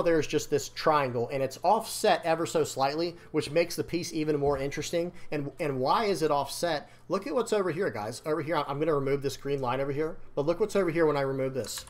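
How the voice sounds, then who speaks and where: A man giving casual, rambling commentary on card game decks and art, repeating words and talking to viewers, his throat dry and voice slightly strained. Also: mid-range voice. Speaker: card game content creator. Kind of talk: casual commentary over screen.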